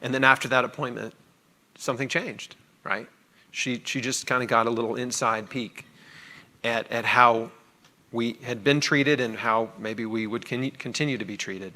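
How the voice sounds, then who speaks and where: A middle-aged man telling his own story to an audience in a chatty, animated way, acting out the people he quotes. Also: mid-range voice, moderate pace. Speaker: cancer survivor sharing his story.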